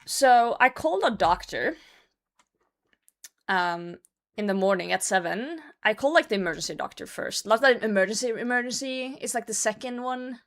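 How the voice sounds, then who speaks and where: A woman streamer telling a story in a casual, animated way, swearing often and laughing as she goes. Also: mid-range voice.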